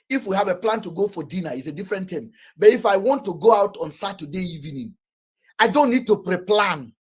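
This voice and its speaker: Nigerian male host, casual storyteller, blunt and boastful, husky mid-pitched voice. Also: expressive, a little fast, a little mellow. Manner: blunt, boastful, swears freely. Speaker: podcast host.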